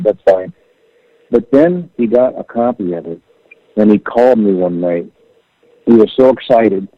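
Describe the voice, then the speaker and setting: Middle-aged male musician guest, gravelly and husky, phoned in on a thin line, storyteller who plays out the quoted voices. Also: mid-range voice, no room sound. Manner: animated, acts out quoted voices. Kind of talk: storytelling interview over the phone. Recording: tinny phone line, dry.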